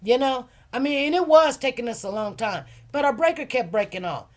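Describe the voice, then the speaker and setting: A woman hosting a casual livestream, chatty and rambling, repeating phrases and talking in relaxed informal grammar. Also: sits high, a little fast. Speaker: livestream host and food truck owner.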